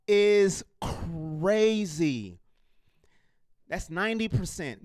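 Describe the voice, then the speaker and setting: A man's voice: sits high, fairly bright tone, clear, resonant tone. A man hosting a live sports fan show, ranting heatedly and reading viewer comments. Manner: fired up, emphatic, repeats lines for effect.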